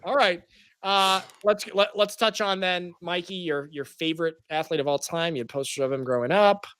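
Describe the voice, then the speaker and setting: Bright, dry-voiced sports podcast guy. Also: high voice, smooth, no echo. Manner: animated, jokey, quick asides. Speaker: podcast co-host. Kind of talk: casual sports talk.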